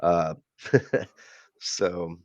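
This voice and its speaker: In a casual wrestling review chat, a man co-hosting the podcast recaps a show in a relaxed way, full of fillers and quick to laugh. He speaks very slowly in a low voice, and the recording is dry and muffled.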